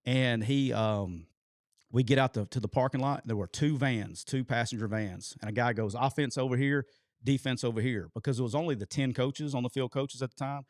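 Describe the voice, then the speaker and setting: Animated storyteller man. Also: medium pitch, normal speed, no room sound, clean studio sound. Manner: animated storyteller, swears casually. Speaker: co-host telling a coaching story. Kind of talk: casual storytelling chat.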